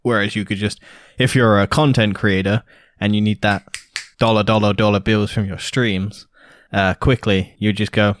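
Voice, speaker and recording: A man's voice: lowish voice, level tone, moderate pace, no echo. A young man co-hosting a casual podcast chat, blunt and teasing, with the odd swear. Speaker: podcast co-host.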